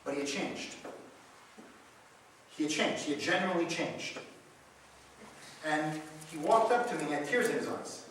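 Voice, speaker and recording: A man's voice: a little high, normal speed, long pauses, a bit bright, slight background noise. A man, a radio talk show host, answering audience questions at a seminar with passionate, preachy storytelling. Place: large meeting room. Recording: echoey hall, recorded from far off.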